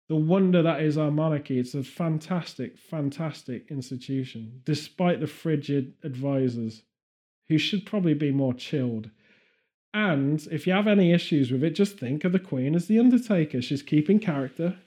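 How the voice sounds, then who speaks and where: A man's voice: fairly high pitch, dark tone. A man hosting a podcast in a casual, jokey way with playful earnestness. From Britain. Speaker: podcast host. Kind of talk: casual comedic chat.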